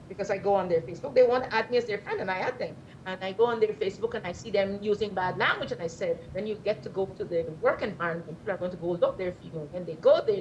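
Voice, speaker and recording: A middle-aged woman answering interview questions in an animated, storytelling way. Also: mid-range voice, a little hiss or hum. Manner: animated, storytelling, acts out quoted voices. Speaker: interview guest. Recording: slightly dull lo-fi recording.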